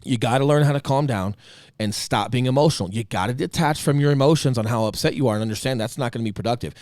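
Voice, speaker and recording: A man co-hosting a casual podcast chat, talking with emphatic passion and swinging between loud bursts and quiet asides. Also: medium pitch, quick pace, dry recording, clean studio sound. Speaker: podcast co-host.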